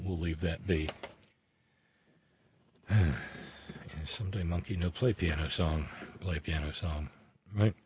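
The host of a live show has a voice that sits low with a breathy edge. He wanders through puns and jokes, tripping over his words and starting again while reading messages from viewers.

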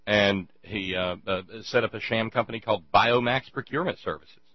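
Deep-voiced sarcastic male host. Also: no room sound, lo-fi sound. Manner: sarcastic, rambling, halting with many restarts. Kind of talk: casual commentary.

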